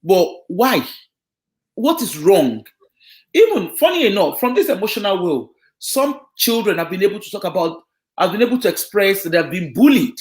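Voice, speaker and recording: Lively high-pitched man explaining to parents. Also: normal speed. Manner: explanatory, checks in with listeners. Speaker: children and family social worker. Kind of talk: community talk on parenting. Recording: echoey room.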